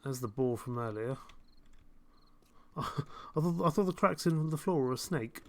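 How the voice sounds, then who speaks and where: A man's voice: medium pitch, animated, moderate pace. A young man chatting through a live gameplay stream, rambling and self-mocking, chuckling often. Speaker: game streamer. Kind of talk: casual live gameplay commentary.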